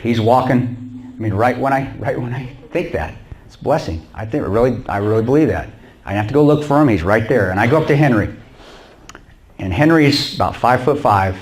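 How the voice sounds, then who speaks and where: A man giving a storytelling talk to an audience in a church. He is animated, acts out the dialogue and laughs often. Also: mid-range voice, brisk, a little hiss or hum. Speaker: guest speaker.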